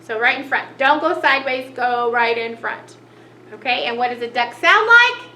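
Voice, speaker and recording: A woman's voice: sits high, lively intonation, moderate pace, bright, forceful tone. A woman teaching a cheerful children's lesson, gasping with delight at each new picture. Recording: echoey room, faint noise.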